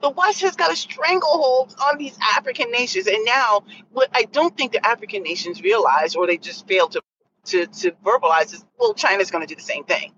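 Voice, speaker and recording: Animated woman host rambling on a livestream. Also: medium pitch, dull audio, a little hiss or hum. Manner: animated, rambling, corrects herself mid-thought. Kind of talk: casual livestream commentary.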